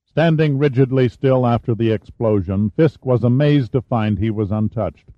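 A man's voice: mid-range voice, dry recording. Man narrating an audiobook, dull dry sound. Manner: steady, measured reading. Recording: dull dry studio recording.

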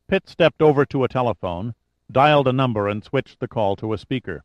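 A man narrating an audiobook in a measured, even reading. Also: on the low side, no room sound, dull audio. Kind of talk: scripted narration.

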